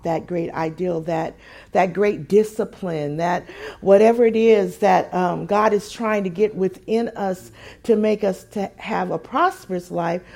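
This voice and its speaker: Speaking at medium pitch with vocal fry, a woman delivers a sermon. Her preaching shifts between quiet musing and emphatic, repeated phrases.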